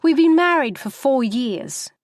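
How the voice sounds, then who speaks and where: A woman voicing a furious young wife arguing in a taxi, her lines high and shrill. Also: animated, no room sound, studio quality. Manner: shrill, raging, rapid outbursts.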